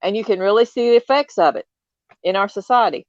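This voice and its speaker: A woman's voice: mid-range voice, expressive, fast, darkish tone, no room sound. A woman in her fifties with a light Southern US accent, chatting in an opinionated, emphatic way and repeating points for stress. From United States. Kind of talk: casual chat on a livestream. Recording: slightly dull lo-fi audio.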